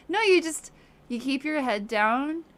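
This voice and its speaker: A woman's voice: high voice, expressive, slow, a crowd in the background. A woman with a Southern US accent chatting casually on a livestream, laughing often. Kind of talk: casual chat.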